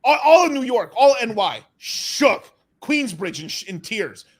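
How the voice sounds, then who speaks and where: A man hosting a casual crypto livestream chat, excitable, swearing often and restarting his sentences. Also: very high voice, unhurried.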